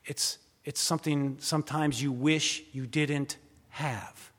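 A man preaching in a large hall, his slightly high voice ringing out with a long reverb tail. He preaches with drama, rising to loud emphasis and then dropping to hushed, intimate asides. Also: fairly even intonation, slow pace. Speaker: pastor. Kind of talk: sermon.

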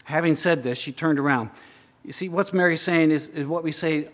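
A man with a fairly high voice preaches a sermon. He drops to hushed, slowed reflection, then lifts into raised, urgent emphasis, stacking repeated phrases into lists. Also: in a large hall. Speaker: pastor.

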